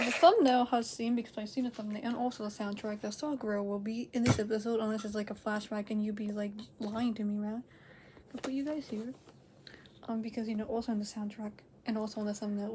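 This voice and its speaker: A woman with a fairly high voice chats to camera from home, rambling and correcting herself as she goes. She laughs often and jumps from loud, excited bursts down to soft near-whispers. A faint hiss sits under the recording. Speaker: reaction video host. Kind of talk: casual chat to camera.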